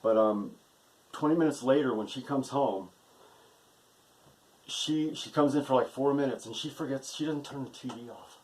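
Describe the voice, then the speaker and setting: A man's voice: medium pitch, normal speed, long pauses, darkish tone, a little hiss or hum, poor audio. A man from the United States in a rambling, agitated monologue to camera, repeating himself and tagging his sentences with "okay?". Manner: agitated, repetitive, keeps adding "okay?" and profanity. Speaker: vlogger.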